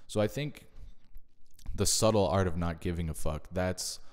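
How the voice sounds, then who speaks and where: A man's voice: low voice, in a large hall. A man giving a casual, thoughtful spoken summary of books he listened to, adding his own asides. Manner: thoughtful, measured, adds personal asides. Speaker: video creator summarizing books.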